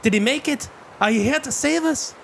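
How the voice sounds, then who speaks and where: A man's voice: very high-pitched, moderate pace, creaky, slight background noise, pitched above the performer's own voice. A man voicing a weathered old female dwarf who swears and rolls her R's. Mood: startled.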